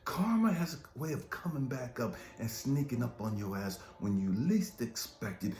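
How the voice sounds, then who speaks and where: A man's voice: medium pitch, expressive, normal speed, darkish tone. Intense, profane man, echoey room. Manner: profane, with repeated rhetorical questions. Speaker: life coach and speaker. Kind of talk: impassioned motivational monologue. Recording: echoey room with faint music.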